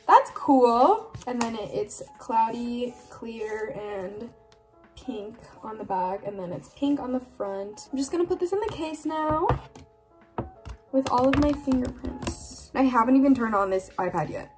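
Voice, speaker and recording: Chatty, excitable young woman vlogger. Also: a little high, measured pace, over music. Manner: chatty, excitable, self-deprecating. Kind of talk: casual unboxing vlog. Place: home workspace.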